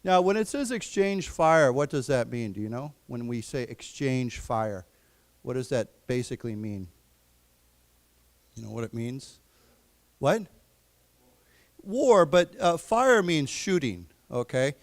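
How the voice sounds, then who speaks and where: A man teaching a live English class, slowly explaining vocabulary and quizzing his students. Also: mid-range voice, lively intonation. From United States. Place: library lecture room.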